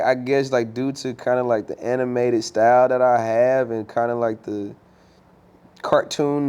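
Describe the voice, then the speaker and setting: A man's voice: mid-range voice, a little mellow, smooth. A man, a musician guest, telling stories in a loose, slangy way with lots of fillers. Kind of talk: casual interview chat.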